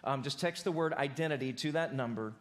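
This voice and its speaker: A pastor preaching a sermon in a church, talking casually and then building to emphatic peaks. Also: male voice, mid-range voice, brisk. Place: church auditorium.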